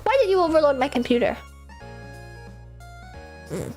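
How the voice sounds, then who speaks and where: Young female streamer, high and very animated voice, bubbly rambling chat, light music underneath. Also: normal speed. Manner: bubbly and rambling, laughs often, swears casually. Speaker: livestreamer.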